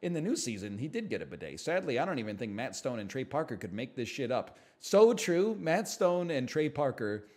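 A man in casual live-stream chat, sarcastic and quick to fake outrage. His voice sits at an ordinary middle pitch for a man. He talks to his audience as if he were ranting to friends. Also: big pitch swings, darkish tone. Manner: sarcastic, mock-outraged rants.

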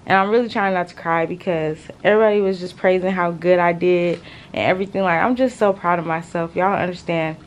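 A young woman vlogging casually to her viewers from a hospital room, tired and using relaxed slang. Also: lowish voice, fast talker, dull audio, slight background noise. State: exhausted. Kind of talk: casual talk to camera.

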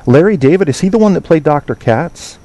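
A man's voice: a little high, lively intonation, brisk, dark tone. A man hosting an online talk show, chatting casually with listeners, rambling, swearing and trailing off while he hunts for names. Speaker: podcast host.

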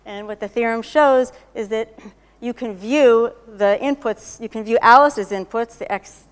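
A woman giving a technical lecture, explaining step by step, often checking with "okay?" and clearing her throat. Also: a little high, a little slow. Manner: explanatory, frequent "okay?" checks and self-corrections. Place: lecture hall. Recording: lecture hall reverb.

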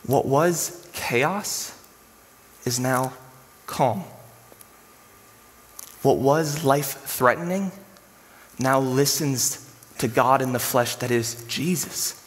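A male pastor preaching a sermon in a casual, animated storytelling way, full of slang. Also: mid-range voice, takes it slowly. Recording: long hall reverb.

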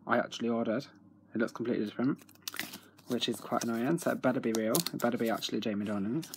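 A young man with a freely swearing, excitable manner, chatting casually at home in a video diary. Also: mid-range voice, fast, a little hiss or hum. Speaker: autograph collector vlogger.

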